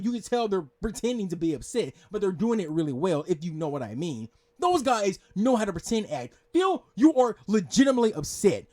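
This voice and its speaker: A man hosting a reaction video, ranting angrily and swearing as he scolds the person he is reacting to. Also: high voice. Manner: yelling, profane, scolding. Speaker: reaction channel host. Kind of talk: angry reaction rant.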